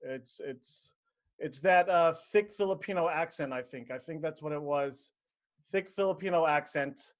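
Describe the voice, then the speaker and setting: A man's voice: a little high, moderate pace. A man hosting an online show, giving joking, rambling introductions over a video call. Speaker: host.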